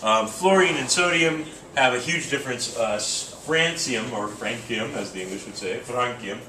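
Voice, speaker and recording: A man's voice: mid-range voice, animated, normal speed, pushed and bright, a little hiss or hum. A man teaching chemistry to a class, casual and joking, thinking aloud with fillers. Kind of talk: classroom lecture. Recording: roomy classroom from a distance.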